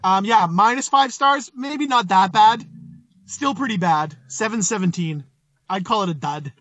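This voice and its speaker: High-voiced laughing podcast co-host man. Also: a little slow, fairly bright tone, dry recording, lo-fi sound. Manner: laughing, blunt and profane. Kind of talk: casual podcast chat.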